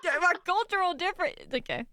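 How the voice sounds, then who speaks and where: A woman's voice: very high voice, very animated, brisk, bright, forceful tone, no echo, studio quality. A woman whose first language is German, chatting casually on a stream, teasing and laughing a lot.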